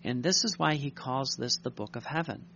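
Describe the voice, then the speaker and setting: A man's voice: medium pitch, expressive, vocal fry, lo-fi sound, background noise. A male priest giving a sermon, reading a devotional text aloud and commenting on it in an earnest, repetitive way. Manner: earnest, repeats words, reads aloud slowly then tells stories.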